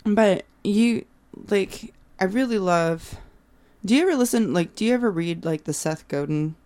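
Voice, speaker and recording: A woman in her thirties, a guest musician in casual podcast chat, animated and swearing freely as she acts out what friends said. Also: medium pitch, moderate pace, clean tone. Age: 30s.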